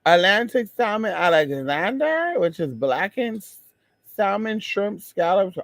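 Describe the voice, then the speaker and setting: A man chatting casually to his viewers in a sassy, expressive way. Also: sits high, slow, no room sound, muffled recording. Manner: sassy, expressive, exclaims and drawls. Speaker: vlogger.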